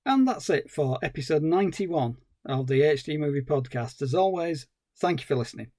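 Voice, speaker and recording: A man's voice: fairly high pitch, moderate pace. Upbeat man co-hosting a podcast. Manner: animated, laughs at his own lines. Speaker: podcast co-host. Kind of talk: casual film chat.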